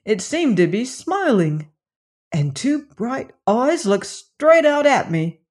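A narrator voicing a frightened male servant who speaks in a shaky, halting, anxious way in an audiobook mystery. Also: very high voice, very animated, voice pushed up, exaggerated voice. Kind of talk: audiobook reading of a mystery novel.

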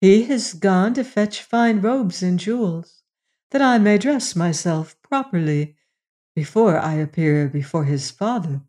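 A storyteller voicing a gentle, trusting young princess with a calm, unhurried manner. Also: mid-range voice, lightly acted.

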